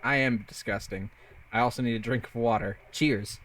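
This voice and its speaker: A man's voice: mid-range voice, fairly even intonation, moderate pace, fairly bright tone. A young man streaming a game, bantering playfully with his chat and laughing often. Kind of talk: casual live-stream chat while gaming.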